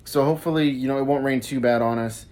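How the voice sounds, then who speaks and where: A man's voice: medium pitch, steady tone, darkish tone. Chatty man telling a story. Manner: halting, repeats words often, laughs mid-sentence. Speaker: vlogger. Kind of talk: casual vlog storytelling.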